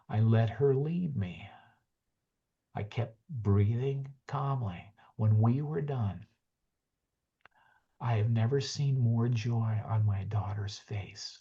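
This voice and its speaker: A man presenting a webinar, closing with an earnest, gentle story and dropping into soft hushed passages. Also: lowish voice, takes it slowly, vocal fry, husky, highs cut off. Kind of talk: heartfelt closing talk with a story.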